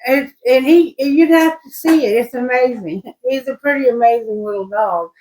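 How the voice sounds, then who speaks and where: In a rough recording, a woman tarot reader with a high, somewhat mellow voice reads scripture and reflects on it in a meandering way. She speaks slowly, keeps correcting herself and frequently starts her sentences over, giving it the feel of a casual spiritual reading.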